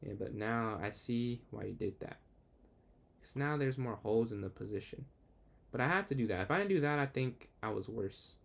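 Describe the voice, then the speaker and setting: A young man streams a chess game, thinking out loud in an easy, conversational way. His pitch sits mid-range for a man, and he drifts between muttered calculations and quick remarks to his viewers. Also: creaky. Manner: thinks aloud, quick asides to chat; excitable outbursts when the game turns. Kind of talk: casual live game commentary.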